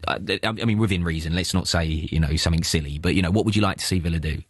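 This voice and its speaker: A man hosting sports radio, asking chatty, lively questions into a studio mic. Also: low voice, fast, slightly rough, no room sound. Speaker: radio host.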